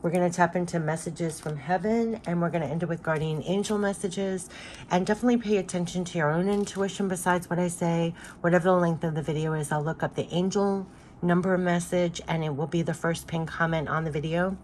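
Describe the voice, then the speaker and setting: A woman's voice: fairly low pitch, fairly even intonation, brisk, darkish tone, slight background noise. A woman doing a casual spiritual card reading, chatty and repetitive with many fillers, her voice congested from allergies.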